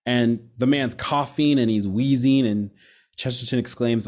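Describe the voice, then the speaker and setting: An animated young man hosting a relaxed talk show. He jumps into quick asides, corrects himself mid-sentence and keeps a lively, conversational flow in a middle-pitched voice. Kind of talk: casual conversation on faith.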